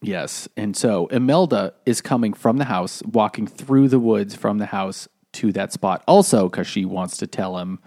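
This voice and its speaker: A man's voice: fairly low pitch, moderate pace, few pauses, warm tone, dry recording, studio quality. A man casually retelling a novel's plot on a book podcast, rambling with lots of fillers. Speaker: podcast co-host.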